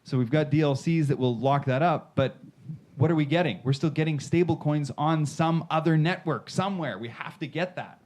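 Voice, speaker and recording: A man's voice: fairly high pitch, moderate pace, a little mellow. A man moderating a panel discussion in a casual, rambling way, restarting his sentences often and slipping in dry sarcasm. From Canada. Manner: rambling, self-correcting, jokey sarcasm. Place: conference room panel. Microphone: handheld mic.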